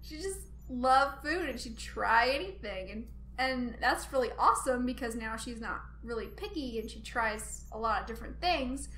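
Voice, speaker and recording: A woman host telling a funny family story in a chatty, animated way, laughing often. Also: a little high, moderate pace, few pauses, reverberant, a little hiss or hum. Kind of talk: casual storytelling monologue.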